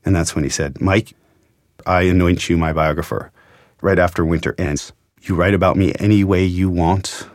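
Low-voiced man recounting a story. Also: steady tone, moderate pace, no echo, clean studio sound. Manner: earnest, reflective, emotional retelling. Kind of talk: storytelling interview.

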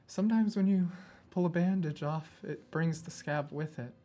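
A player in a tabletop role-playing game, speaking sincerely in character with halting pauses. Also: mid-range voice, warm tone.

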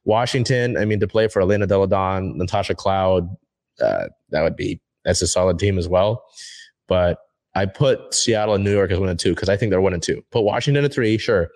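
Low-voiced man hosting a sports talk show. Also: brisk, darkish tone, no room sound. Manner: rambling, many fillers and restarts.

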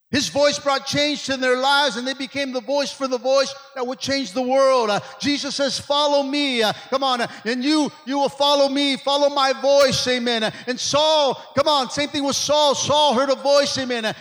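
Sweaty fired-up preacher guy, really high voice, big reverb like a hall. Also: a bit bright. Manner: call-and-response, frequent amens. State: sweating from exertion. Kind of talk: energetic sermon. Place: church.

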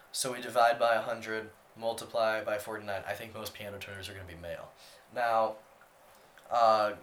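A young man co-hosting a casual podcast, working through an estimate out loud with fillers and restarts. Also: on the low side. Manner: hesitant, restarts, many fillers. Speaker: podcast co-host. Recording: echoey room, faint ambience.

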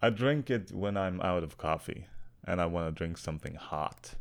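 Young swedish guy, deep voice, deadpan podcast chat, swears a lot. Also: moderate pace, creaky. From Sweden. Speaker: podcast co-host. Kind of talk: casual chat.

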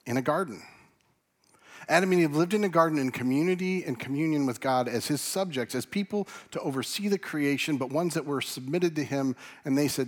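Animated man preaching a sermon. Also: on the high side, fairly quick. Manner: animated preaching, swings from loud to hushed. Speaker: pastor. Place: church.

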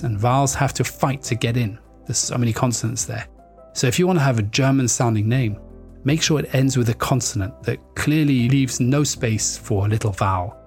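Animated man giving a presentation talk. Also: medium pitch. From France. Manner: animated, playfully mimics foreign accents, frequent restarts. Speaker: speaker on brand naming.

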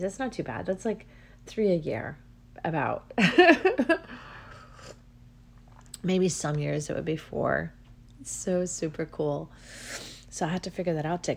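A woman's voice: sits low, dark tone, slight background noise. A middle-aged woman hosting a solo podcast, talking in a gushing, effusive, rambling way. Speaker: podcast host. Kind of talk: casual solo podcast monologue.

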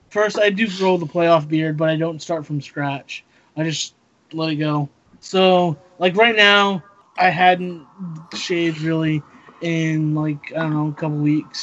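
A man on a casual podcast, slow and laid-back, dry in delivery with long pauses. His pitch is a little raised. The audio is dry and dull, lo-fi. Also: steady tone, a bit bright. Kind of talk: casual chat.

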